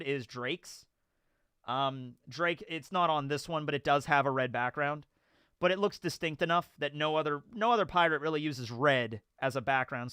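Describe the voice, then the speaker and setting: Speaking in a slightly high voice with a sharp, clean tone, a male YouTube host wanders through stories and commentary, leaning heavily on fillers. The studio sound is clean and echo-free.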